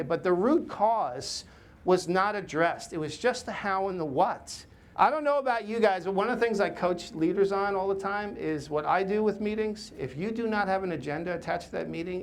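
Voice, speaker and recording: A middle-aged man, a podcast host and workplace coach, tells stories in an emphatic, animated way, full of fillers and tag questions. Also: high-pitched. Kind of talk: podcast intro and recorded workshop talk.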